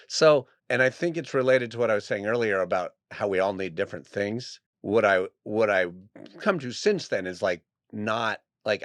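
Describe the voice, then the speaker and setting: A man in casual podcast chat, reflective and halting, with a wry tone. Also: sits low, fairly bright tone, no echo.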